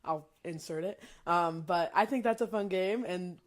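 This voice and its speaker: A woman's voice: on the low side, normal speed. A young woman co-hosting a podcast, chatting casually and playfully, often laughing. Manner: giggly, playful, animated. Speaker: podcast co-host. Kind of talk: casual chat.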